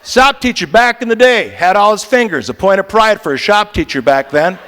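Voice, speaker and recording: An older man giving a motivational keynote, shifting from hushed lines to animated storytelling. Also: high-pitched, normal speed, slight background noise. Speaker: keynote speaker. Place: large conference hall. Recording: long reverb of a big hall.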